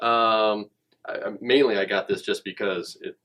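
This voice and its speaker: A man hosting a podcast interview, relaxed and laughing often, with many fillers. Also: fairly low pitch, moderate pace. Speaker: podcast host. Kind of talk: casual interview chat.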